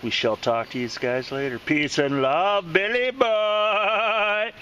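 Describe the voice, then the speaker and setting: A man's voice: animated, normal speed, fairly bright tone, lo-fi sound, slight background noise. A man vlogging casually outdoors on a walk, playfully cooing and calling to his dog. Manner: playful, coos and calls to his dog in a high voice.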